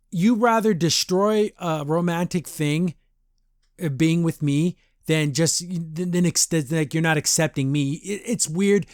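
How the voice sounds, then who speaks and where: A man's voice: a little high, a little mellow, dry recording, clean studio sound. A man hosting a podcast and reviewing a cartoon episode in a casual, rambling way, often acting out characters' lines in exaggerated voices. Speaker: podcast host.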